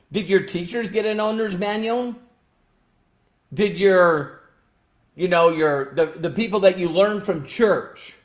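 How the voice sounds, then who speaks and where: An emotional, emphatic man talks to viewers in a live stream, his voice sitting high and swinging widely in pitch. He takes his time, drawing words out and hammering home phrases through repetition. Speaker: livestream host. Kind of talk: motivational live-stream talk.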